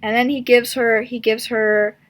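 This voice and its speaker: A woman's voice: on the high side, level tone, normal speed. A young woman casually ranting in a comic review, sarcastic and exasperated, with lots of filler words.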